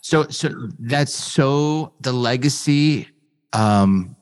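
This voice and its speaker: A man's voice: mid-range voice, very slow, smooth, in a large hall. A man hosting a conversational interview, affirming his guest with frequent "wow" and "you know". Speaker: interview host.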